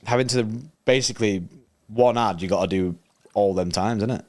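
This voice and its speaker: A man's voice: on the low side, normal speed, a little mellow. A young man, co-hosting a football watchalong stream in rambling, slangy casual chat. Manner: laid-back, rambling, slangy.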